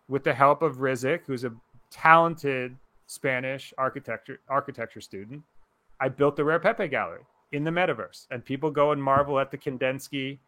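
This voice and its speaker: A man co-hosting a casual talk show over a video call, ranting loudly and swearing often. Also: mid-range voice. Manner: loud, profane, ranting. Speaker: podcast co-host. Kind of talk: casual chat.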